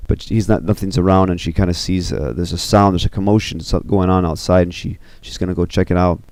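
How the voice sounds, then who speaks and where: A man casually pitching a film story scene by scene, loose and rambling with many fillers. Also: steady tone, fast talker, darkish tone, smooth, no room sound. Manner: loose and rambling, full of 'you know' and 'kinda'.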